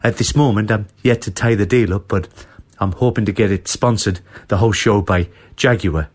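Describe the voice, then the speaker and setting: A rambling, deadpan football manager, as a man puts him on for a radio comedy bit. He speaks in a fairly low voice and stumbles through his grand announcement with stops and filler sounds. He keeps a flat, matter-of-fact delivery. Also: moderate pace, lightly acted. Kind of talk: comic impression on sports radio.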